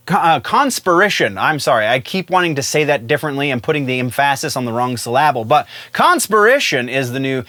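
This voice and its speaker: A man's voice: fairly high pitch, sharp tone, dry recording. A man hosting a casual solo commentary show, chatty and loose, with fillers and self-corrections. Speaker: host.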